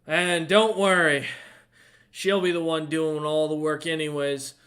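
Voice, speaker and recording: A man's voice: a little high, lively intonation, brisk, pitched above the performer's own voice. A man voicing a drunk, boastful old lord who slurs his words in a tabletop game. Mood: boisterous. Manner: loud, slurring, gruff.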